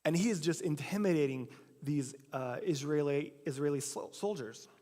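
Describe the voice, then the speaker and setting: A man's voice: on the high side, moderate pace, a little mellow. A man preaching a sermon, telling a story casually and acting out the quotes himself. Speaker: pastor. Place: church sanctuary. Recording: long church hall reverb.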